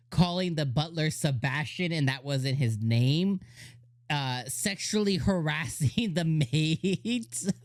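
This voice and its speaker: A man giving a casual anime episode review, excitable and laughing often, with lots of "like" fillers. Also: on the high side, no echo, studio quality.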